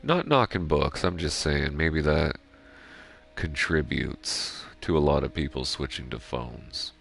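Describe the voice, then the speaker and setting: Rambling gamer guy with an extremely low, gravelly voice, swears a lot, casual stream talk. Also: animated, takes it slowly, a bit bright. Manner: rambling, swears freely, self-reflective. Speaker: gaming streamer. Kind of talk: casual chat while playing.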